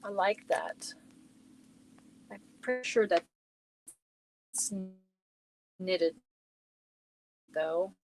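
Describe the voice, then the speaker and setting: A woman's voice: on the low side, expressive, extremely slow, pauses often, a little mellow, a little hiss or hum, rough recording. A woman hosting a casual crochet livestream from home, chatting and reacting to viewer comments as she shows yarn. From Germany.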